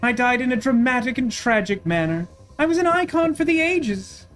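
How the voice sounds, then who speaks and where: A woman's voice: on the high side, expressive, moderate pace, soft background music, close to an everyday voice. A woman voicing a vain, haughty ancient queen who has become a vengeful cyber ghost, declaiming grandly. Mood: grandiose. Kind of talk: voicing game characters.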